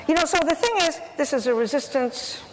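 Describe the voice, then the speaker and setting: A woman co-leads a negotiation workshop, walking through tactics with example phrases. Her voice sits a little high. The recording has clear noise behind it and a long hall reverb. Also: animated, a little fast. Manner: explanatory, gives examples in quoted phrases. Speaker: workshop presenter.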